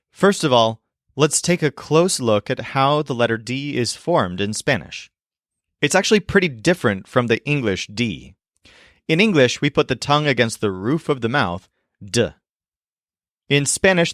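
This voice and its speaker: Man teaching pronunciation, animated pitch, dry close sound, clear explainer delivery. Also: no room sound. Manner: clear, demonstrative, slows to model pronunciation. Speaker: language teacher. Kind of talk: explainer video narration.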